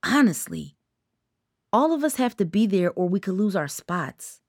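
A woman's voice: medium pitch, big pitch swings, unhurried, darkish tone, no echo, clean studio sound. A woman voicing a nervous, hesitant teenage girl in a storybook reading. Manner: nervous, careful.

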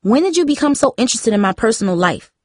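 A woman's voice: fairly high pitch, big pitch swings, fast talker, a little mellow, no echo, clean studio sound, voice pushed up. A woman voicing a teenage girl who answers in curt, defensive retorts. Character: teenage girl, guarded and quick to snap.

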